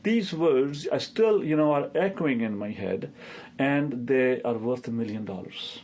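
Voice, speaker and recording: Gravelly-voiced rheumatologist in his fifties. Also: medium pitch, animated, measured pace, darkish tone. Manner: hesitant, with many filler sounds. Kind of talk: interview answers and storytelling.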